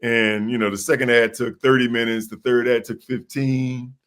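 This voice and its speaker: A man with a deep voice and an American accent, a guest telling animated stories in a casual interview. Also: normal speed. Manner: animated storyteller who acts out voices.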